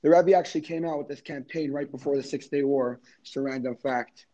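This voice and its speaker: A man's voice: mid-range voice, fairly even intonation, a little fast, warm tone, poor audio. A man, a podcast guest, telling a story in a casual, rambling way with many "like" fillers. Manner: rambling, heavy use of "like".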